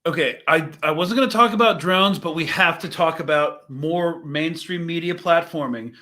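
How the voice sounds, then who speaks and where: Chatty young man, a little high. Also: a bit bright. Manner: rambling, thinks aloud with fillers and restarts. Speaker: host reacting to news clips. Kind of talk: casual live commentary.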